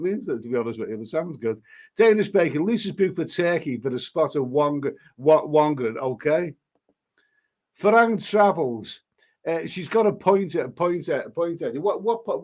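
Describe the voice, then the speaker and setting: A man's voice: a little high, darkish tone. Rambling man reading chat. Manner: rambling, stumbles and repeats words. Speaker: livestreamer reading chat comments. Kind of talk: casual live-stream chat.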